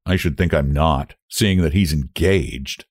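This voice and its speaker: A man's voice: a bass voice, unhurried, no echo, studio quality, voice pushed down. A man voicing a tense, guarded young woman who answers sharply, in a storybook reading. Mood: curt. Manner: sharp, curt.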